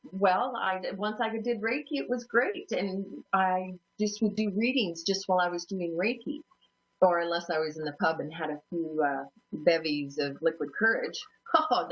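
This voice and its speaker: Talk-show host, female, lowish voice, chatty and self-mocking storyteller, muffled lo-fi recording. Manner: rambling, self-deprecating, laughs often. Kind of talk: personal storytelling. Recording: dull lo-fi sound.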